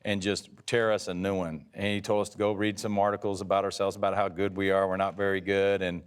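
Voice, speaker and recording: Guy in his 60s, lowish voice, tells long rambly stories and trips over his words a lot. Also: flat delivery, brisk, smooth. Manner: rambling, self-correcting storyteller. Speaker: guest, former pitcher. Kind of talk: casual interview storytelling.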